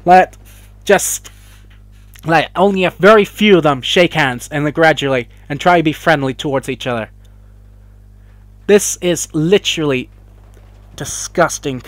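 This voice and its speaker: A man's voice: on the high side, measured pace, pauses often, no echo. A young man ranting emotionally to camera in a vlog, swearing and rambling as he gets worked up. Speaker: vlogger. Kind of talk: heated opinion rant to camera.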